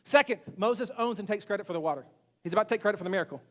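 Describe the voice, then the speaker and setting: A male pastor giving a sermon in an animated way, asking the congregation questions. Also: high-pitched, very fast, in a large hall. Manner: animated, acts out quotes, asks the audience questions.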